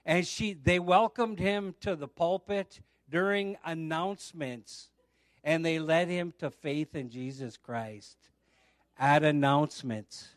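A man's voice: a little high, slow pace, no echo, studio quality. A middle-aged man preaching a sermon, telling a testimony and acting out the voices of the people in it. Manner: storytelling, acts out the voices in his anecdotes.

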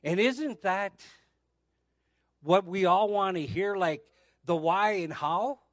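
A middle-aged male preacher with a high voice delivers a sermon built around a personal testimony. He tells it as a story and acts out the other people's lines as he goes. The recording is dry and close, with no room sound. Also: takes it slowly, no echo.

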